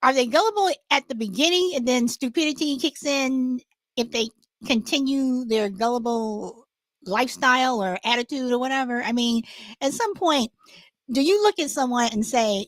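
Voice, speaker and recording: A woman's voice: high voice, expressive, normal speed, no room sound. A woman hosting a casual live chat show, rambling with many restarts and fillers. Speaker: host.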